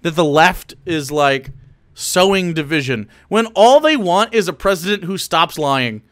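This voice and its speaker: Animated high-voiced man ranting. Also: a little slow. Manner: animated, profane, interrupting rants. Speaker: streamer reacting to political clips. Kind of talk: live stream commentary.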